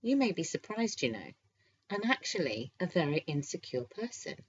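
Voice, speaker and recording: A flirtatious, quietly confident boss who teases in a soft voice, read by a woman narrating a romance audiobook. The voice sits low, with an easy, unhurried charm. The sound is slightly dull and lo-fi. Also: dry recording. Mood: teasing.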